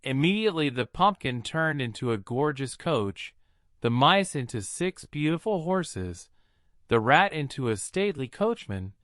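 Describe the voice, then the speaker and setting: Expressive male storybook narrator. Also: a little high, a little slow, no echo, clean studio sound. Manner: expressive, lilting delivery.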